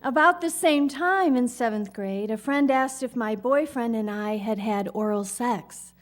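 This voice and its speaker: High-voiced woman telling comic stories. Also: unhurried. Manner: wry, self-mocking delivery. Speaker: monologue performer. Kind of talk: comic storytelling monologue on stage.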